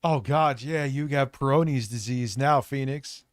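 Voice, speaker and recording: A man hosting a livestream, ranting and mocking in a profane, rapid commentary. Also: mid-range voice, a little hiss or hum. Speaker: streamer host.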